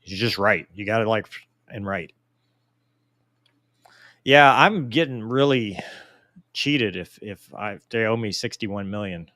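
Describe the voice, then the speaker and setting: Reading through viewer mail on a relaxed live Q&A, a forties-aged host jokes about himself with animated, self-deprecating humor. He talks at a measured pace with long pauses in a fairly low voice, captured in studio quality with no echo.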